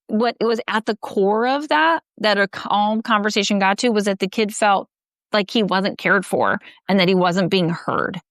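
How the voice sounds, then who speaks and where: A woman talks through parenting advice in a casual live chat. Her pitch sits mid-range and the recording is dry and close. She often slips into short acted lines of what a parent might say. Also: fairly bright tone, dry recording. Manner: explains with acted-out parent quotes. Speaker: book author guest.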